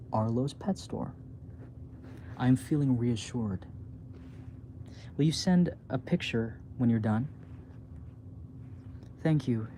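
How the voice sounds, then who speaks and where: A man reading his own book aloud as a bedtime story, softly and haltingly, with small slips. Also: mid-range voice, slight background noise.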